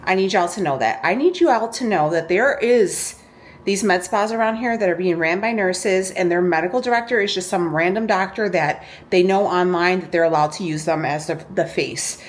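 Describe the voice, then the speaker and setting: A woman's voice: lowish voice, normal speed. A woman vlogging casually, showing a shopping haul and ranting in a chatty way with lots of "okay?" asides. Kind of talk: casual chat.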